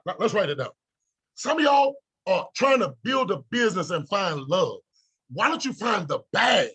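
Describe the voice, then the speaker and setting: A man's voice: high-pitched, sharp tone, husky. A middle-aged man giving a fired-up motivational talk to an online audience, preachy and boastful, repeating phrases and bursting into laughter. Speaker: motivational speaker.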